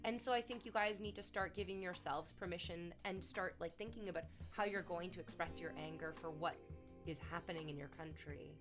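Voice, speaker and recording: A woman streamer chatting casually on stream, animated and swearing freely, swinging between soft reflection and loud emphasis. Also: fairly low pitch, brisk, over music.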